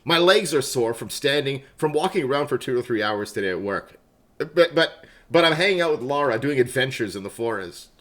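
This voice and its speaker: Chatty, animated man streaming games. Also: mid-range voice, fairly quick. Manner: chatty, laughs often, greets chat by name. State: wired on coffee. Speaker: livestream gamer. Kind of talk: casual livestream chat.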